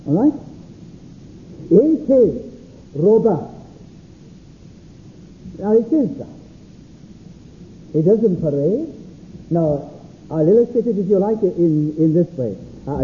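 A man preaching a sermon, animated and talking straight to the congregation, jumping up in pitch for emphasis. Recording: tinny phone-like old tape with faint hiss.

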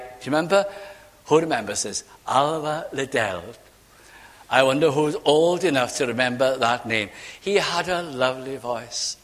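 An older man with a Welsh accent preaching a sermon with fervour, dropping from ringing declarations to hushed asides. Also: medium pitch, animated, normal speed. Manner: fervent, swings between loud ringing lines and hushed asides. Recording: long hall reverb.

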